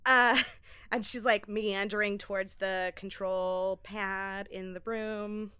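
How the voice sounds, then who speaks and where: Bright, crisp woman in a dry room. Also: mid-range voice, slow pace, no room sound. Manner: animated, filler-heavy describing. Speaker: player. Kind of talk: narrating character actions.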